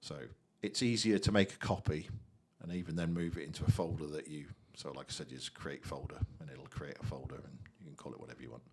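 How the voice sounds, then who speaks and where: A man casually walking through a software tutorial, chatty and thinking aloud. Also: a bass voice, fairly even intonation, fast talker, hardly any pauses, breathy edge. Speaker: tutorial host.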